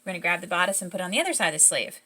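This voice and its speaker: This Southern-accented woman hosts a relaxed sewing demonstration, walking through each step in a chatty, easygoing way and fixing her own slips as she works. She talks rapid-fire and expressively, in a fairly low, bright, forceful voice.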